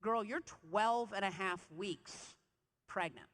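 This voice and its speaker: Calm, amused doctor friend, as a woman puts her on. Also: medium pitch, slow. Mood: matter-of-fact. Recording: reverberant convention hall.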